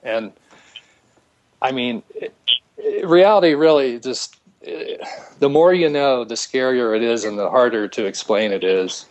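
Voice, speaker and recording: Male radio guest, middle pitch, halting and playful, lots of false starts. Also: animated, darkish tone, dull audio. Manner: hesitant, restarting, joking. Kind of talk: casual radio interview.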